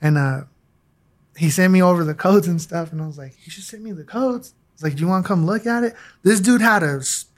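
A man's voice: a little high, a little fast. Slangy man telling his story. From Denver, USA. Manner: slangy and candid, acts out quoted voices. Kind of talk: casual storytelling interview.

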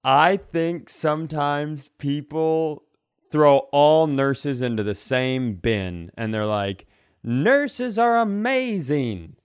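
A man's voice: medium pitch, slow, smooth, dry recording, studio quality. A man co-hosting a comedy podcast, rambling and riffing with profane asides. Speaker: podcast co-host. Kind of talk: casual comedic chat.

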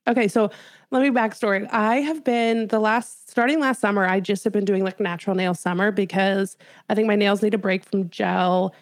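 Young woman podcast host, vocal fry, chatty storyteller, dry close sound. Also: medium pitch, steady tone, normal speed, no echo. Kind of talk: casual chat.

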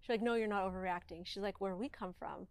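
A woman's voice: mid-range voice, quick pace, clean tone. A woman in her thirties, a guest in an interview, talking candidly and emphatically, with lots of "like" and quoted asides. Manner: emphatic, animated, heavy use of "like".

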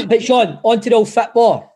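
A man's voice: very high-pitched, measured pace, mellow, slightly rough. A Scottish man co-hosting a casual podcast chat, chatty and teasing. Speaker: podcast co-host.

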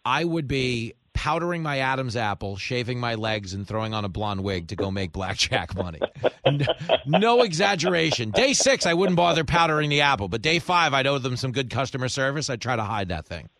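A man's voice: mid-range voice, expressive, brisk, a bit bright, dry recording. A man hosting a comedic radio show, joking and bantering with callers and guests, laughing often.

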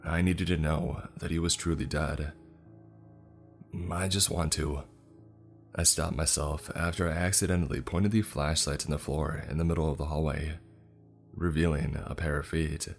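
Deep husky guy narrating a creepy story, tense and measured, quiet music behind. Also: steady tone. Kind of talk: scripted horror narration. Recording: faint music underneath.

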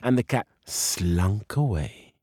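A male storyteller narrating a children's tale slowly, his pitch rising and falling with a lot of life. The voice sits close to the mic with a dry, plain sound. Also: no echo. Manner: slow, lively, expressive.

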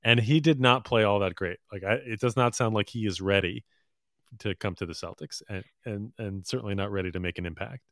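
A man's voice: fairly low pitch, a little fast, a bit bright, dry recording, clean studio sound. A man co-hosting a casual basketball podcast, offering opinions in an easygoing way with fillers. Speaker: podcast co-host.

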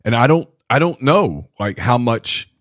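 A man's voice: medium pitch, sing-song, a little slow, fairly bright tone, no echo, studio quality. A man co-hosting a sports podcast in casual chat, musing and thinking aloud with many restarts.

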